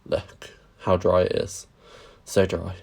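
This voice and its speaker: Chatty man, lowish voice. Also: flat delivery, takes it slowly, creaky, a little mellow. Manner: chatty, greets viewers, self-deprecating asides. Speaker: stamping craft demonstrator. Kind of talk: casual live-stream craft demo.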